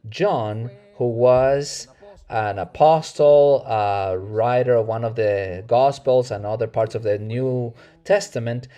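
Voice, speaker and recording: Earnest preacher, Mexican Spanish accent. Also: male voice, medium pitch, dark tone. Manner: earnest, measured preaching with self-corrections. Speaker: pastor. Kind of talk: sermon.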